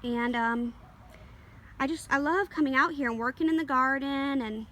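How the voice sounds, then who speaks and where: A woman's voice: high voice, moderate pace, a bit bright. A woman walking through her home garden outdoors, talking in a rambling, easygoing way with lots of fillers and small apologies while filming it herself. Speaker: garden vlogger. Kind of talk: casual garden tour. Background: faint outdoor ambience, passing planes.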